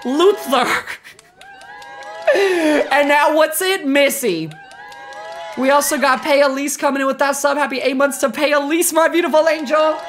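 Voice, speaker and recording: A woman streaming a game live, reacting loudly and dramatically with shrieks and swearing while chatting with viewers and thanking subscribers. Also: high-pitched, slight background noise.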